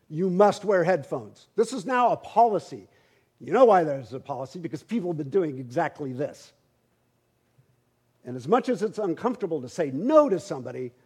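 Husky high-voiced pastor telling a story. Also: male voice. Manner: conversational, humorous, repeats words when starting sentences. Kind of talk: storytelling sermon.

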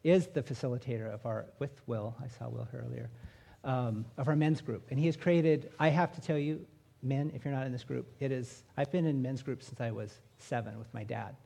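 Gravelly, husky man hosting an interview. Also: mid-range voice, steady tone, normal speed, dark tone. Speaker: men's group member hosting the interview. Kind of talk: live onstage interview.

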